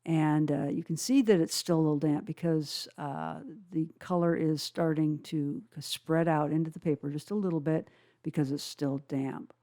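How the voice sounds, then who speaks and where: A woman with a low, mellow voice talks through a watercolor tutorial at an unhurried pace. She explains each brushstroke step by step and often pauses with "uh" while she works. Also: steady tone. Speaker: watercolor instructor. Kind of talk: calm painting tutorial narration.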